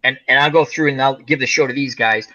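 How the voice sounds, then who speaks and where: A man's voice: mid-range voice, fast talker, highs cut off. A man co-hosting a casual chat show, rambling through stories about movies. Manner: rambling, animated storyteller. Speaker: co-host.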